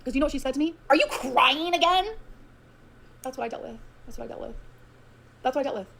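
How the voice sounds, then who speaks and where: A woman's voice: high voice, steady tone, rapid-fire, creaky, warm tone, slight background noise. A woman ranting to her viewers, profane and emotional, swinging between grievance and sarcasm. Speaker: streamer ranting on her own stream. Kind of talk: rapid unfiltered rant.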